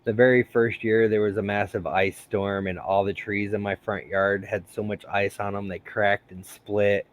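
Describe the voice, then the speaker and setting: Male stream host, low voice, rambling and laughing, many ums. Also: fairly even intonation, normal speed, few pauses, dull audio. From United States. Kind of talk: casual live-stream chat.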